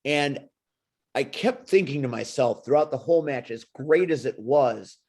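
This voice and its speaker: A man with a mid-range voice reflects in a relaxed, casual chat. He chuckles now and then and pads his thoughts with fillers. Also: medium pitch, a little slow.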